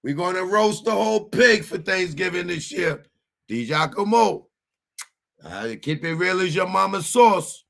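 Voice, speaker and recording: A man's voice: sits high, animated, creaky, a bit bright, pitched above the performer's own voice, full character voice. A man putting on the voice of a tough Italian-American mobster, wheedling and drawing out a name. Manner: wheedling gangster talk, drawn-out name calling.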